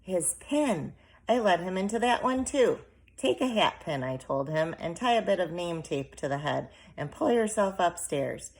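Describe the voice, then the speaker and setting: A woman's voice: fairly low pitch, lively intonation, normal speed, a little mellow, voice pushed up. A woman reading the part of an anxious, fussing little mother who frets and scolds in an audiobook. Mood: distraught. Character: fretful, anxious tiny mother, middle-aged.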